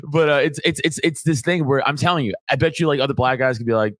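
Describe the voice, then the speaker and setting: A man's voice: mid-range voice, quick pace, fairly bright tone, dry recording, clean studio sound. A man co-hosting a podcast in casual chat, swearing, laughing and rambling, sleepy from a long night. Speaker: podcast co-host.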